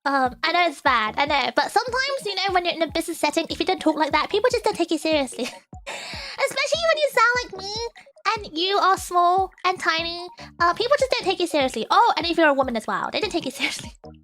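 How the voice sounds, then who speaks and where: Give me a young woman streamer with a very high, lively voice, laughing a lot and chatting playfully. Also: quick pace, faint music behind. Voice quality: giggly, laughs often. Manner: playful, self-mocking rants. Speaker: streamer host. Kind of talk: casual live-stream chat.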